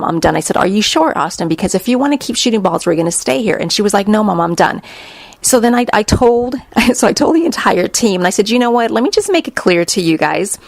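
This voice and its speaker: A woman's voice: mid-range voice, gravelly, dry recording. A middle-aged woman hosting her own show, telling a personal story in a casual, blunt and profane way, acting out what she and others said. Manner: blunt and profane, quotes herself and others in lively bursts. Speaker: podcast host.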